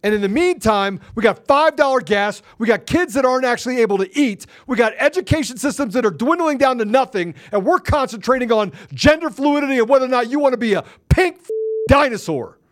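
An agitated man, a guest on a talk show, ranting angrily and forcefully, often repeating himself. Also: very high-pitched, lively intonation, fairly quick. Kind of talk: heated political rant.

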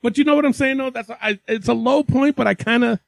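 A man co-hosting a casual wrestling podcast, rambling and profane, quick to laugh. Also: very high voice, gravelly, no room sound. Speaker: podcast co-host.

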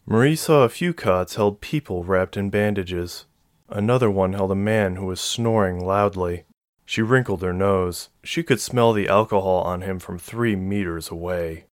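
Low-voiced male audiobook narrator. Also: normal speed, dry recording. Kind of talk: scripted narration.

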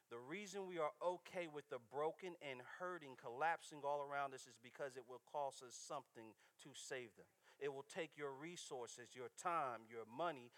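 A man's voice: mid-range voice, fairly bright tone. A man preaching a casual, story-driven sermon in church, constantly checking in with the congregation. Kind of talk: conversational sermon with stories.

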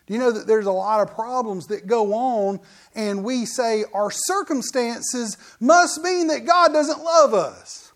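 A man's voice: very high-pitched, measured pace, a bit bright. A middle-aged man preaching a sermon as pastor, in a folksy, joking, conversational way.

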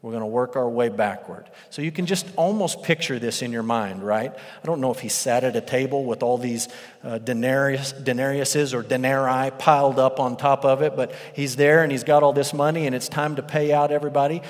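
A male pastor preaching a sermon, telling a parable as a lively storyteller who acts out the characters' voices. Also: medium pitch, a little fast. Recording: long reverb of a large hall.

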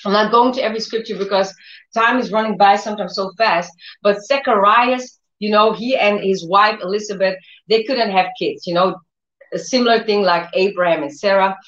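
A woman giving an informal sermon, telling lively stories and acting out what people say in other voices. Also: medium pitch, a little fast. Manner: animated storyteller who acts out quotes in other voices. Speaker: preacher. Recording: roomy, dull lo-fi sound.

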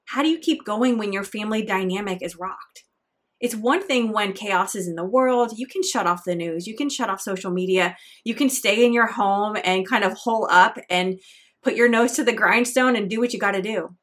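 A woman's voice: mid-range voice, fairly bright tone. A middle-aged woman hosting her own podcast, talking alone in an earnest, encouraging way about pressing on through hard times. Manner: earnest, encouraging, faith-tinged. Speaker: podcast host. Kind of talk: solo motivational podcast monologue.

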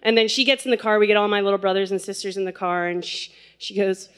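A woman casually telling a funny personal story, animated, laughing and acting out quotes. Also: medium pitch, fast, clean tone.

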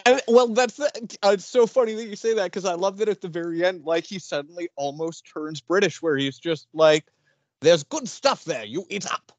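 A chatty man on a casual film podcast, easygoing, sometimes fumbling for the right word. His voice sits a touch high and is recorded dry and close. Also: fairly quick, few pauses, dry recording, dull audio. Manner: chatty, searching for words, laughs easily. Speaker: podcast co-host.

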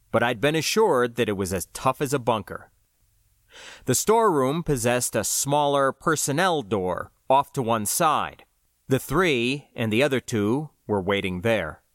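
A man narrating a science fiction audiobook in the first person, with an expressive storytelling delivery. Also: mid-range voice, dry recording, studio quality.

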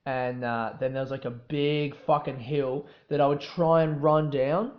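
A man's voice: medium pitch, steady tone, measured pace, roomy sound, muffled recording. A young Australian man hosting a podcast, chatting casually in a rambling, swearing, self-mocking way that keeps getting sidetracked. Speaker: podcast host. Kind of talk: casual solo podcast chat.

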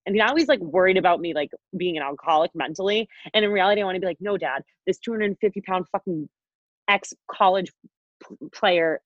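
Speaking a little fast at medium pitch, a young woman in her twenties tells a story as a podcast co-host in casual chat. She rambles, swears, and scatters "like" and other fillers throughout, over dull, dry podcast audio.

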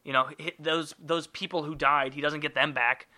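A man's voice: a little high, steady tone, normal speed, bright, forceful tone. A man hosting a podcast alone, rambling in a jokey, profane way. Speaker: podcast host. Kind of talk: casual solo monologue.

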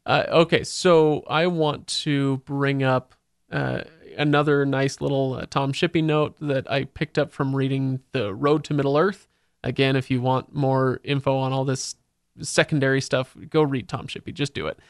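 A man's voice: mid-range voice, fairly even intonation, moderate pace, smooth, no echo, clean studio sound. A man hosting a podcast, chatting casually and eagerly sharing book trivia. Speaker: podcast host.

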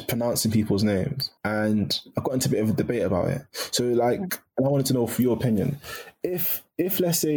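A man's voice: lowish voice, a little mellow, husky. A young man talking as a podcast guest in a casual, chatty way with frequent restarts and laughs.

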